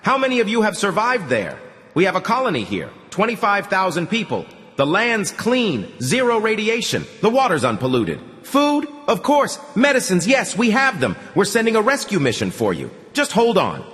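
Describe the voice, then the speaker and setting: A man voicing an excited male radio operator calling out from a distant colony, shouting eagerly over the airwaves. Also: high-pitched, normal speed, pitched above the performer's own voice, full character voice. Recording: long reverb.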